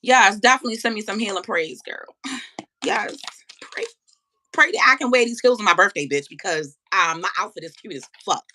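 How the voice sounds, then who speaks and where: A woman hosting a live stream, chatting casually and profanely with her viewers and telling animated stories. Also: mid-range voice, brisk. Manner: addresses viewers directly.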